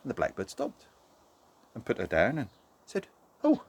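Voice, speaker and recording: A man telling a folk tale to children, animated and talking straight to the young listeners. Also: lowish voice, normal speed, slightly rough. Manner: animated, talks directly to children. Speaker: storyteller. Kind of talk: children's story narration.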